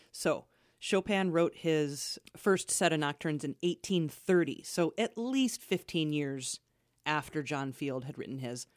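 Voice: mid-range voice, no room sound, clean studio sound. A host of a classical music show who chats and explains pieces in plain terms. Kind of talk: casual chat and show hosting.

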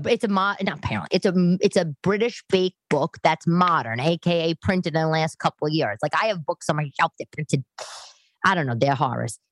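A low-pitched woman with a New York-area accent, chatting on her podcast and wandering off into tangents and little asides. The sound is dry and close, with no room echo. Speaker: podcast host and stand-up comic. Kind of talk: casual chat podcast. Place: living room.

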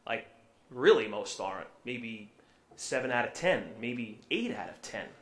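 A man preaching a sermon as a priest, telling a story in a relaxed way with many fillers and restarts. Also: mid-range voice, measured pace. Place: church. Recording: echoey church room.

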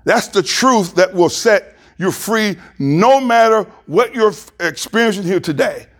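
A man preaching a sermon as pastor, reading scripture aloud and rising louder and higher to stress his points. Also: animated, measured pace.

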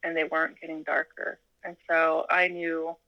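A woman's voice: deep voice, moderate pace, no room sound, muffled recording. A woman from Alaska, a podcast guest, telling her personal story casually and acting out what people said, with frequent laughter. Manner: animated, laughs often, acts out quoted dialogue. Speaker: interview guest.

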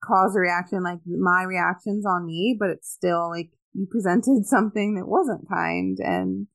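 A woman's voice: fairly low pitch, expressive. A woman in her thirties hosting a podcast, agreeing with her guest and building on her points. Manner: warm, affirming, quick to agree. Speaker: podcast host. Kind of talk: casual podcast chat.

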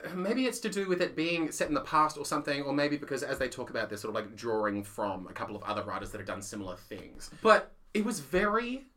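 A man co-hosting a casual theatre chat, animated and quick to laugh and act out quotes. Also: mid-range voice. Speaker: podcast co-host; playwright.

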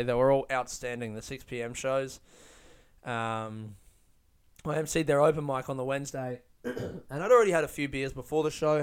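This podcast host and stand-up comedian has a smooth, medium-pitched voice. Alone on his own show, he rambles casually through a self-deprecating, profanity-laced tale about his comedy gigs.

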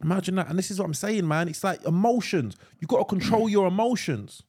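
Lively-voiced man asking eager questions. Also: high-pitched, husky. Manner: chatty, asks rapid follow-up questions. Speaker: podcast co-host. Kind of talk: casual chat.

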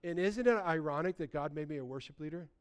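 A man preaching a sermon in a lively, conversational way, often restarting his sentences. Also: on the high side, quick pace. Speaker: pastor.

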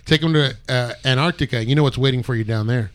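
A man's voice: mid-range voice, fast. A man hosting a casual movie discussion, chatty, asking the group questions and retelling stories at length.

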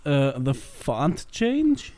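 A man's voice: a little high, huge pitch swings, extremely slow, darkish tone. A man co-hosting a casual podcast, giving short, laid-back, joking replies. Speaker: podcast co-host. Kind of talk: casual chat.

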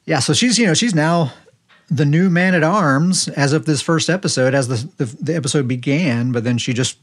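A man co-hosting a podcast, casually retelling scenes in a relaxed storytelling way with quick quoted lines. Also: fairly high pitch. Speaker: podcast co-host. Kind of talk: casual recap chat.

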